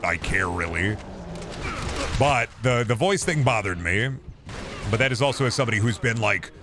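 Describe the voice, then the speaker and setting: A man in his thirties with a deep, trained voice, chatting casually on stream, rambling with lots of restarts and the odd swear. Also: animated, normal speed, over music. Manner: trained performance voice.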